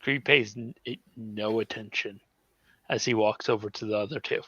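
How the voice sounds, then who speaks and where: A man with a bright, tense voice jumps eagerly into a tabletop game to describe his character. The sound is dull and very dry. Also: on the low side, fairly even intonation, moderate pace, breathy edge, no echo. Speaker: player. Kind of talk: casual tabletop play.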